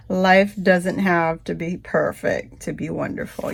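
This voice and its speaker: A woman vlogger chatting casually through a shopping haul, rambling and breaking into high, gushing squeals over cute things. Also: steady tone, measured pace, gravelly, hardly any pauses. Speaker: craft vlogger.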